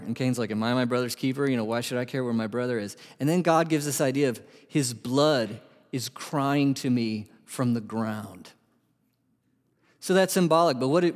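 Animated male preacher in a reverberant hall. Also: mid-range voice. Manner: animated preaching with questions to the congregation. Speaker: pastor. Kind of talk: sermon.

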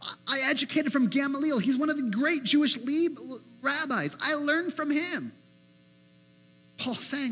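Animated high-voiced male preacher. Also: measured pace, poor audio. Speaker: pastor. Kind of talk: sermon.

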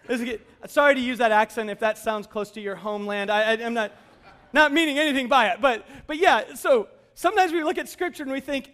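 High-voiced man preaching casually. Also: fairly quick, a bit bright. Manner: conversational, joking with the congregation. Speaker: pastor. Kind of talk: sermon.

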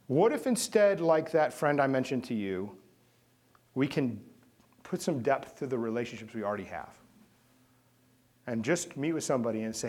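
A man's voice: medium pitch, expressive, moderate pace, long pauses, a little mellow, husky. A man preaching a sermon and leading a closing prayer, talking to the congregation and asking them questions. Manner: conversational, asks the congregation questions. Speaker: pastor.

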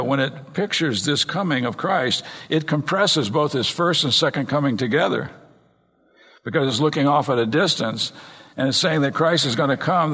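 A man preaching an earnest expository sermon from the pulpit, slowing down and speeding up to stress points. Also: a little high, fairly bright tone, husky. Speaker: pastor. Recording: long reverb in a large hall.

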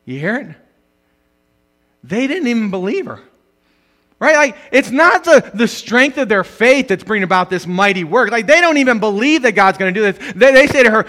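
A male pastor preaching a sermon, animated, swinging between loud emphatic bursts and quiet asides, with frequent laughs. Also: sits high, moderate pace.

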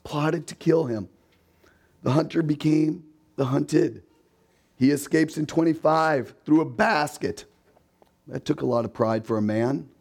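A man's voice: a little high, a little slow, vocal fry, pauses often, darkish tone, slightly rough. A man preaching a sermon in a conversational way, with rhetorical questions and emphatic repetition, and acting out the voices he quotes. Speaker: pastor.

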